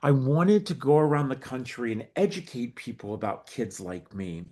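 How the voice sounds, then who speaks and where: A middle-aged man, a guest on an interview podcast, telling his story with lively acted-out dialogue. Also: mid-range voice, moderate pace. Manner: animated storyteller acting out quoted dialogue. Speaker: guest, nonprofit founder.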